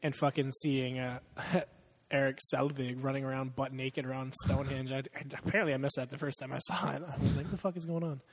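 A man of middle pitch rambles through a casual talk about films, swearing freely and laughing at his own jokes. His voice sits at an ordinary height, loose and unpolished. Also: flat delivery, brisk, big-room sound, slight background noise. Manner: profane, rambling, laughs often. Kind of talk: casual chat about movies.

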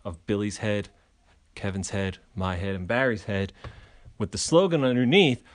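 A man's voice: lowish voice, moderate pace. A male podcast co-host in casual banter, rambling through absurd mock-promotional riffs.

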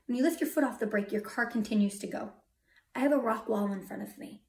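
A woman with a slightly high voice speaks fast as she preaches a testimony sermon, telling her story dramatically and dropping to a whisper for emphasis. She's heard from far off in an echoey hall.

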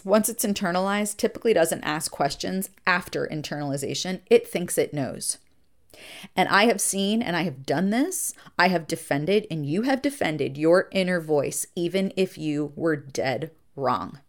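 A middle-aged woman therapist hosting a reflective podcast monologue, earnest and emphatic, slowing down to stress points and speeding through asides. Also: fairly low pitch. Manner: earnest and emphatic, shifting between slow deliberate stresses and quick asides.

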